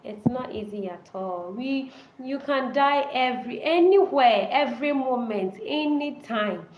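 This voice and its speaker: A woman's voice: a little high, expressive, measured pace, darkish tone, lo-fi sound. A woman hosting a casual live-stream chat, speaking earnestly and restating short phrases over and over. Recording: echoey room with faint background noise.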